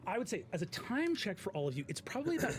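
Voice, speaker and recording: Lively laughing game master, a man. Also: high-pitched. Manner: lively, quick to laugh, many fillers. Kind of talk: narrating and running a tabletop game.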